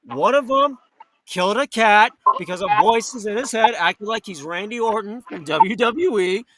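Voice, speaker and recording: A man's voice: sits high, moderate pace, poor audio. A man hosting a live talk radio show, ranting angrily with heavy profanity. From New York or Florida. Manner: profane, heated, indignant. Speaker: host. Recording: loud background noise.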